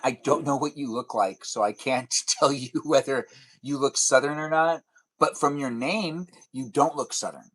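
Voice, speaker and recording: A man's voice: medium pitch, a bit bright. Young male streamer, playful, teasing, rambling chat to viewers. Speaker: live streamer. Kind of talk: casual live stream chat reading comments.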